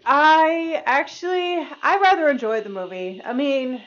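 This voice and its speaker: A woman's voice: high-pitched, a bit bright. A woman co-hosting a casual movie review podcast, chatty and filling her sentences with "like". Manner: chatty, fills every pause with "like". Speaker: podcast co-host. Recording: dull lo-fi recording.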